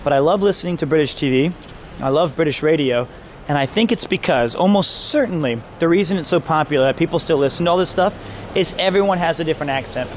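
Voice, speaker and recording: A man's voice: on the high side, fast, slight background noise. A man chatting casually to his live-stream audience while walking around town, rambling and joking with chat. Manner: rambling, jokey, talks to chat. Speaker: IRL streamer. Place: outdoors on city streets.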